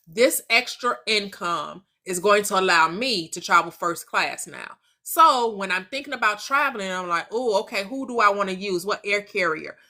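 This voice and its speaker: A woman's voice: medium pitch, pushed and bright. A woman hosting a casual motivational talk, chatting and acting out imagined conversations. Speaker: manifestation channel host.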